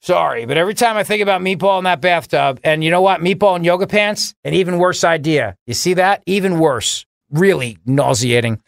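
Sarcastic talk radio host, higher voice. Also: male voice, fairly quick, gravelly, hardly any pauses, no room sound, clean studio sound. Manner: sarcastic, mocking, pitch jumps for emphasis. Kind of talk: political talk radio monologue.

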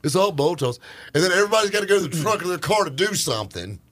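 A man in his forties tells old car stories in loose, casual chat. His voice is husky and rises and falls a lot as he talks, and he laughs often. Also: fast talker. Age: 40s. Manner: animated storyteller, lively pitch, laughs often.

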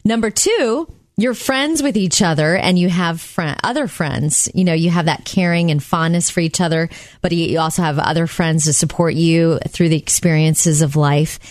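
A woman co-hosting a chatty show, telling stories in a lively, animated way. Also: on the low side, normal speed, no room sound, studio quality. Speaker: radio co-host. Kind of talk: casual chat.

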